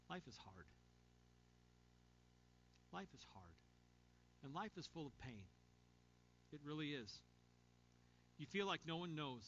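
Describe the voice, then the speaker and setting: Earnest preacher with a bright, edgy voice. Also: male voice, fairly high pitch, a little hiss or hum. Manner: earnest, drops to a soft hush for emphasis. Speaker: pastor. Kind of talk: sermon. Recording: dull lo-fi sermon audio.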